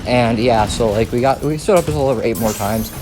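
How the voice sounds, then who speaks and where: A man's voice: mid-range voice, fast, music in the background. Rambling, profane young man. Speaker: storytime vlogger. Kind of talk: casual storytelling.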